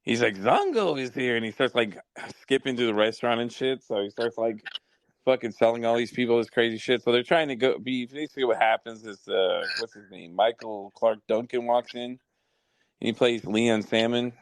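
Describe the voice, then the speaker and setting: A man's voice: mid-range voice, fairly even intonation, moderate pace, no room sound. A man hosting a podcast, telling stories in profane, rambling casual chat. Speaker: podcast host.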